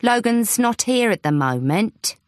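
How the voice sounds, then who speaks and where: A woman reads as an earnest young female reporter in an audiobook. She is quick to set things straight and a little flustered. The sound is close and dry. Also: fairly high pitch, sing-song, no echo, voice pushed up. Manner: earnest, quick to defend herself. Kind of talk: audiobook character voice.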